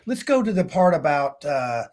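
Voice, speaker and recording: A man hosting a casual interview in a voice a bit higher than most men's. He talks haltingly and keeps restarting his questions. He slips in a joke now and then. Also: sing-song, darkish tone.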